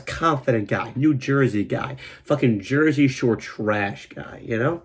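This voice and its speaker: A man telling a comic story about an old job, swearing a lot and acting out what people said in a raised, excited voice. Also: unhurried, breathy edge. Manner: animated, swears a lot, acts out quotes in a higher voice. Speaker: comedian host telling a story. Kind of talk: profane comedic storytelling.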